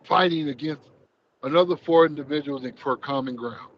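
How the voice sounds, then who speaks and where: A man's voice: on the high side, normal speed, lo-fi sound. Rambling man breaking down wrestlers. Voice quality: rambling, restarts often. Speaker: wrestling panel co-host. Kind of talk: casual sports chat.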